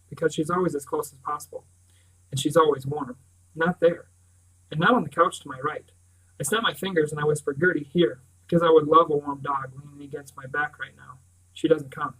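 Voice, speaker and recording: Brief: male reader, first-person novel, measured and quiet. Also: a little high, fairly even intonation, poor audio. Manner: measured, often sinking to a hushed, intimate tone. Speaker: audiobook reader.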